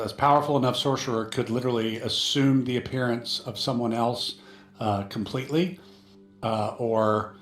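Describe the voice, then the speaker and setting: A man's voice: on the low side, echoey room. Man explaining as game master. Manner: explanatory, with frequent fillers. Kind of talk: narrating a tabletop game.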